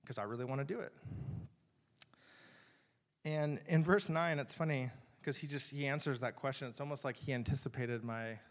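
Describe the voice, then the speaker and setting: Guy preaching in church, chatty and earnest, lots of restarts, medium pitch. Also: moderate pace, long pauses. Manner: conversational, earnest, many restarts and asides. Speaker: pastor. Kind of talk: sermon.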